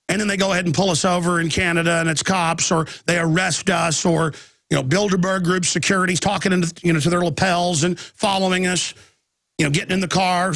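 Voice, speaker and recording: A man's voice: high-pitched, a bit bright, no room sound, studio quality. A man hosting a talk radio show, rambling and agitated with many restarts, talking through a chest cold with coughing.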